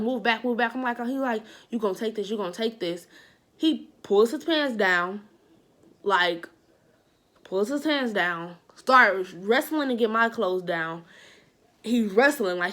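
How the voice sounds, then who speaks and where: A woman recounts a personal story to her viewers in a loose, casual monologue. She talks in an animated way, circling back to repeat phrases and leaning on "like" between thoughts. Her voice sits at a middling pitch. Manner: heavy use of "like" as a filler. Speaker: vlogger.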